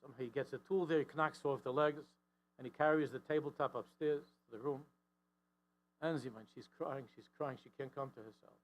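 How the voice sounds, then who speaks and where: A man's voice: fairly quick, lo-fi sound, slight background noise. A man giving a storytelling sermon, acting out the characters' lines with frequent restarts and repeated words. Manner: animated storyteller, voicing the characters' lines with rising pitch and force. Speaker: rabbi giving a talk.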